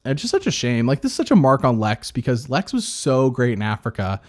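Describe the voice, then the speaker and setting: A man's voice: mid-range voice, wildly swooping pitch, fairly quick. A man co-hosting a podcast, talking in a rambling way with many fillers and restarts. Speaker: podcast co-host. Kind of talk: casual chat.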